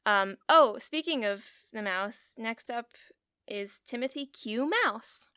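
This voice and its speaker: A woman's voice: a little high, slow pace, pushed and bright, smooth, no room sound, studio quality. A woman co-hosting a podcast in casual chat, rambling and giggly with a taste for puns. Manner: giggly, rambling, pun-loving. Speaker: podcast co-host.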